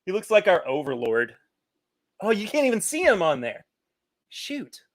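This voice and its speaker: A man's voice: high-pitched, wildly swooping pitch, moderate pace, no echo. A man hosting a casual live stream from his home studio, rambling, restarting his sentences and reading viewer comments aloud. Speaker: podcast host.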